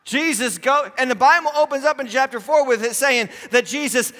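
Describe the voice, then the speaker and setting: A man as lead pastor, preaching a sermon with animated, humorous storytelling that acts out Bible scenes. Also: extremely high pitch, moderate pace, big-room sound.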